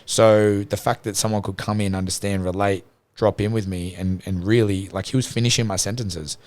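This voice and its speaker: A man's voice: fairly low pitch, steady tone, normal speed, darkish tone. A man as a podcast guest, sharing an earnest, reflective story in casual chat.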